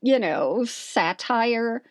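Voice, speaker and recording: A woman's voice: on the high side, lively intonation, extremely slow, no echo, clean studio sound. A woman co-hosting a podcast, telling funny stories in a sarcastic, laughing, casual way. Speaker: podcast co-host. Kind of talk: casual chat.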